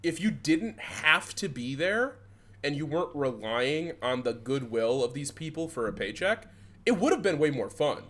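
With a bright, sing-song voice on the high side and a moderate pace, a young Southeast Michigan man co-hosts a podcast. His casual talk wanders through old work anecdotes, full of swearing and laughter.

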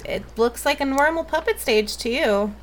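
A woman's voice: high-pitched, expressive, normal speed. A woman running a tabletop game as game master, casual and a bit hesitant.

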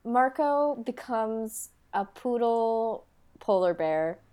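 Young woman, podcast co-host, halting casual chat, very slow pace, mid-range voice. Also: on the high side, animated. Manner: halting, frequent 'um', soft agreement. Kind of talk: casual chat recapping a book.

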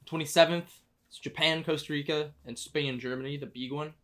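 A man's voice: on the high side, fairly even intonation, a bit bright. A man co-hosting a sports podcast, chatting casually and joking as he runs through fixtures. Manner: joking, quick to argue and laugh. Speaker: podcast co-host.

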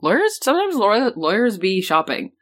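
This podcast host is a woman whose mid-range voice swoops wildly in pitch at a moderate pace. Her news explainers wander as casual chat packed with fillers like "um" and "like," and she's quick to laugh.

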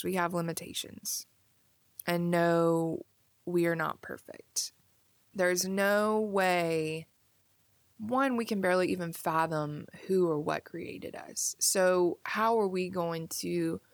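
A young woman hosting a solo podcast, musing casually with many "like"s and soft asides. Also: on the low side, dry recording. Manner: casual, musing, filler-heavy with frequent "like". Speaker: podcast host. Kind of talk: reflective solo podcast monologue.

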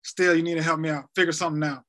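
A man of thirty, a podcast guest, retelling a hard medical ordeal in a halting way, often repeating words. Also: fairly high pitch, level tone, sharp tone. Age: 30s. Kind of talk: emotional personal story.

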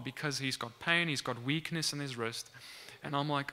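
A young man tells a testimony in a lively, conversational sermon, acting out what people in his story say. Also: on the high side, fairly quick. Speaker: preacher sharing a testimony.

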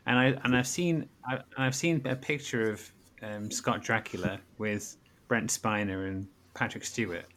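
A man's voice: on the low side, moderate pace, fairly bright tone. A man chatting casually as a podcast host, rambling with frequent restarts and jokes. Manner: rambling, stammers and restarts, jokey. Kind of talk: casual chat.

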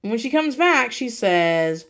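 A woman recapping in casual chat, animated, laughing often and swearing freely. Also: a little high, takes it slowly. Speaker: podcast host recapping reality TV.

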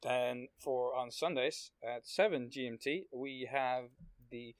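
A man's voice: mid-range voice, steady tone, slow pace, no room sound. A man on a casual podcast, a game master plugging his streams, talking hesitantly with many fillers.

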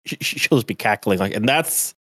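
Male podcast co-host, lowish pitch, dry mic, rambling casual delivery. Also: animated, brisk, a bit bright, no echo. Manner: rambling, heavy use of "like" fillers. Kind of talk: casual chat.

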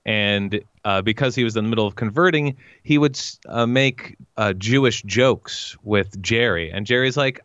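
A man's voice: on the low side, normal speed, hardly any pauses, fairly bright tone, clear, resonant tone, no echo, dull audio. A man chatting as a guest on a podcast, joking around and slipping into silly voices. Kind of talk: casual podcast chat.

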